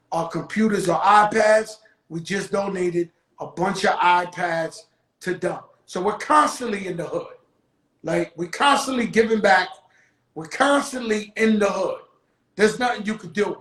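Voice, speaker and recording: A man hosting a show, telling a casual, animated story full of profanity with bursts of shouting. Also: high-pitched. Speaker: show host. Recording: roomy echo.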